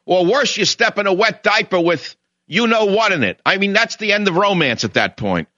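A man's voice: sits high, expressive, normal speed, bright, forceful tone, no echo, muffled recording. An older man from New York hosting a radio talk show, delivering an indignant, mocking monologue and telling a story with mimicked voices. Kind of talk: ranting monologue.

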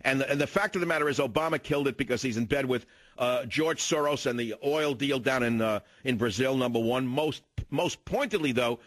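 An older male talk radio host in full rant, spinning grievances into long indignant stories. His voice sits at an ordinary middle pitch, recorded close and dry with no room sound. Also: a little fast, a bit bright, no room sound. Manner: ranting, indignant storytelling.

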